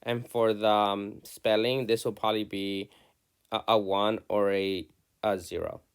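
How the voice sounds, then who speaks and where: Guy teacher going over a student essay out loud, reads a bit then picks it apart, lots of restarts. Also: on the low side, level tone, unhurried, clear, resonant tone. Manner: reads student text aloud then comments, with many restarts. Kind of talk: reading and critiquing student writing aloud.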